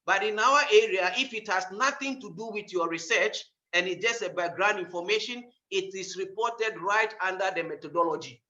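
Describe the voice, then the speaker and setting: A man's voice: high voice, moderate pace, hardly any pauses, sharp tone, muffled recording. A middle-aged male professor giving an academic lecture on writing papers. He talks emphatically, repeats himself for stress and asks rhetorical questions.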